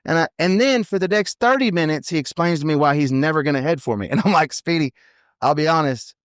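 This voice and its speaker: On a podcast, a thirtysomething professional team roper spins casual, animated stories, frequently adding "you know what I mean." His voice is a little high and fast, recorded at studio quality with no room sound.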